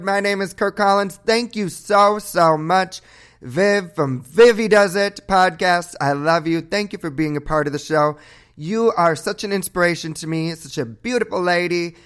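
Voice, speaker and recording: A man's voice: high-pitched, moderate pace, a bit bright, clean tone, faint music behind. A man hosting a morning podcast, chatting effusively to his listeners and guest, whooping and gushing with thanks. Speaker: podcast host. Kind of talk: upbeat show sign-off chat.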